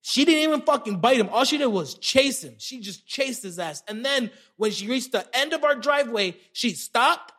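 Very high-voiced man ranting profanely. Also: animated, normal speed, hardly any pauses, fairly bright tone. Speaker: podcast host. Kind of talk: solo comedy podcast rant.

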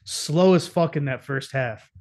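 A man's voice: on the high side, unhurried, vocal fry, a little mellow. A young man telling stories in a casual, profane chat and laughing often.

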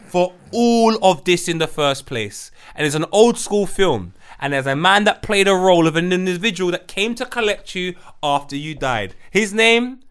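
A man's voice: sits high, fairly bright tone, smooth. A man hosting a podcast, commenting bluntly and mockingly on online clips. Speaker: podcast host.

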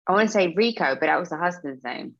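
A woman co-hosting a podcast in casual chat. She is blunt and animated and says "like" a lot. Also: lowish voice, fast, muffled recording. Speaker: podcast co-host.

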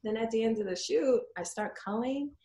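A woman who works as a boudoir photographer, telling stories in a casual interview and acting out her clients in a higher voice. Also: normal speed, echoey room. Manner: lively, acts out her clients in a high voice.

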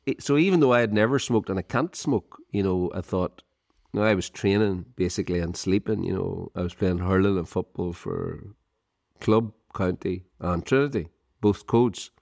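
A middle-aged Irish man co-hosting a podcast tells a rambling story in casual chat, peppered with "you know" and chuckles. His voice is low-pitched, creaky, and darkish at a normal speed, recorded with clean studio sound and no echo.

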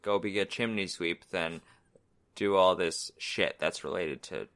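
A man's voice: sits low, a little slow, a bit bright. A man co-hosting a podcast in joking, rambling casual chat. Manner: joking, rambling, laughs often. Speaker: podcast co-host.

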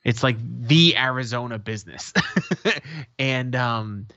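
A man's voice: mid-range voice, slow, no echo. Male podcast co-host, casual and profane, acts out his stories; muffled, dry home audio. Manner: profane, animated storyteller who acts out quotes. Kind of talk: casual chat.

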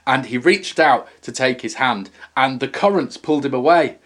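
A man's voice: mid-range voice, animated, normal speed, a bit bright. A man co-hosting a comedy podcast, telling a whimsical, rambling made-up story in casual chat. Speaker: podcast co-host.

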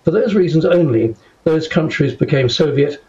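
A man's voice: fairly high pitch, lively intonation, normal speed, warm tone, highs cut off. An older man, a guest in a studio interview, speaking firmly and measuredly and stressing key words. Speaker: guest commentator.

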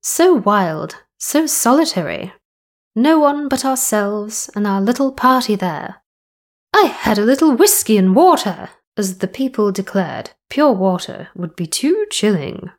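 A woman's voice: sing-song, measured pace. A woman voicing a posh, stately Queen Victoria, reading a diary line in an exaggerated upper-class voice. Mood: mock solemn. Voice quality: exaggerated posh high-pitched voice. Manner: breaks into laughter between attempts.

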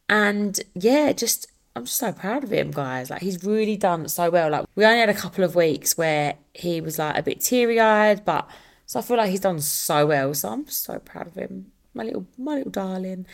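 A young adult woman hosting a casual solo podcast, chatty and upbeat with rambling asides. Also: on the low side. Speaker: podcast host.

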